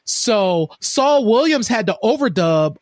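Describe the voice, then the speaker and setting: A man's voice: high-pitched, very animated, slow, no echo, studio quality. A man co-hosting a podcast, talking in a chatty, digressive way. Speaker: podcast co-host. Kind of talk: casual chat.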